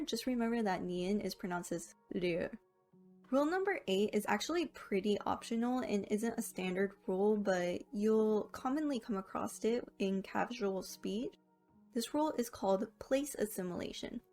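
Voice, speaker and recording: A woman narrating a scripted language lesson, explaining rules clearly and slowing down to sound out each example word. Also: mid-range voice, a little mellow. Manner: clear, careful explanation with slow, drawn-out example words. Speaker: language teacher.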